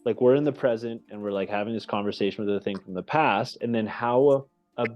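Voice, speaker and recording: Upbeat low-voiced man hosting a call. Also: a little fast. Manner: energetic and animated, with many restarts and "right?" tags. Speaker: host of the goal call. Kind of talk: casual group video call chat.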